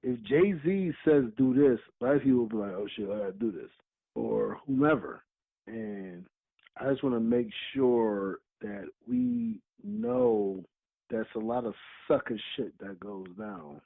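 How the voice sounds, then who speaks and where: Profane podcast co-host on a tinny line. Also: male voice, mid-range voice, sing-song, takes it slowly, vocal fry, husky, no echo. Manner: blunt, profane, laughs a lot while teasing. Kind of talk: casual chat.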